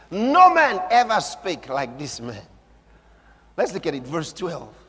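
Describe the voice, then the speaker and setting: Preacher, high lively voice, shouting in a reverberant hall. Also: male voice. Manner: dramatic swings from soft murmurs to shouts. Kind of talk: sermon.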